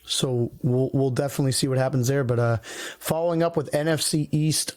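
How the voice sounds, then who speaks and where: A man's voice: mid-range voice, a little fast, dry recording. Dry-sounding sports podcast host man. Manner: steady, leads the talk and hands off to others. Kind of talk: casual sports chat.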